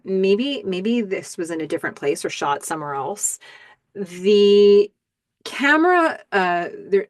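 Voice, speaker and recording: A woman hosting a podcast, giving a casual, animated recap of a TV episode and acting out the characters' lines as she goes. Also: mid-range voice, no room sound, clean studio sound. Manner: animated, acts out character quotes. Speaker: podcast host.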